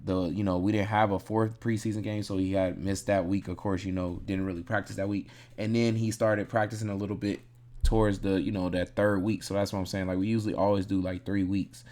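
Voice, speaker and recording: A man's voice: fairly low pitch, level tone, brisk, a little mellow. A man casually breaking down fantasy football picks, thinking aloud in a laid-back, rambling way and correcting himself as he goes.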